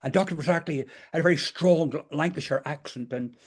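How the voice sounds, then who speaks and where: An older Northern Irish man recalls his teaching days as an interview guest. His voice sits a little high for a man, and he wanders through stories with frequent restarts and "you know"s. He speaks in a casual, conversational way. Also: brisk. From Northern Ireland. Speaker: guest, retired teacher and memoir author.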